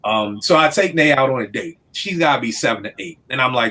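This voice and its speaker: A man talking casually on a podcast, an animated storyteller who slips into the voices of the people in his stories. His voice sits at an ordinary middle pitch. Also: brisk, hardly any pauses. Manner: animated storyteller, acts out quotes.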